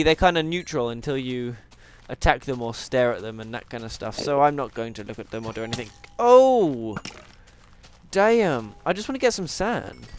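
Tired young guy gaming, chatty and goofy, fairly high smooth voice. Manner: chatty, playful, talks to the animals in the game. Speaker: gaming YouTuber. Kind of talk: casual let's-play commentary.

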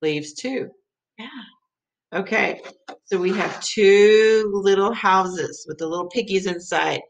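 A woman teacher giving a playful, excitable math lesson for children. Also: medium pitch, takes it slowly, a little hiss or hum, low-quality recording.

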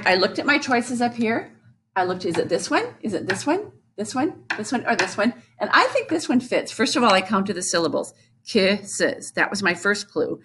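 A woman's voice: medium pitch, a bit bright, slight background noise. A woman music teacher giving a recorded lesson to young children, explaining patiently and chanting rhythm syllables.

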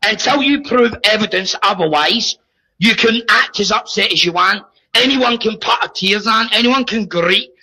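Scottish man, sharp husky voice, pressing his accusation hard on a heated call. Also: sits high, normal speed, low-quality recording. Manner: accusing, insistent. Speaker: live stream participant.

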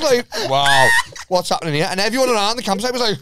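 A man's voice: high-pitched, lively intonation, fast, very noisy. A man telling a rowdy story in casual podcast chat, swearing freely. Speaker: podcast co-host.

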